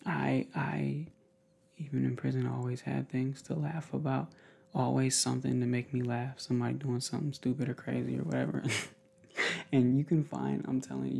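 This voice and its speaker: A man with a very gravelly voice talks straight to his viewers in a loose ASMR chat. His tone is husky and rough at the edges, and it sits at a middle pitch. He rambles on in an upbeat, affectionate way, slipping into whispers now and then. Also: moderate pace, dark tone. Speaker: ASMR creator.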